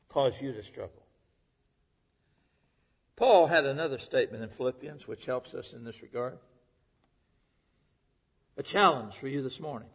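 Husky guy preaching a sermon, earnest, goes loud then soft, muffled lo-fi recording. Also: medium pitch. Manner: earnest, emphatic, swings between loud and hushed. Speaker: pastor. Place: church service.

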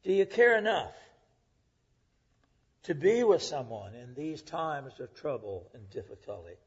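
Man preaching with wide-ranging high voice. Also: very animated, a little slow, husky. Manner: swings from loud emphatic preaching to hushed near-whispers. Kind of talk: sermon. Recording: dull lo-fi recording.

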